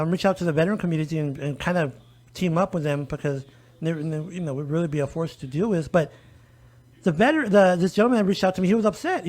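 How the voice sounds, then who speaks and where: This El Paso, Texas man has a high voice and works as a disability rights advocate. Chatting on a relaxed podcast, he recounts his story vividly, acting out what others said.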